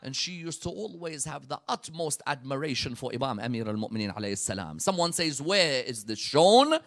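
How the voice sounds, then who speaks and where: A man preaching a sermon, telling the story dramatically and swinging from hushed passages to loud, rising peaks. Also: mid-range voice, animated, brisk. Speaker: preacher at a religious gathering.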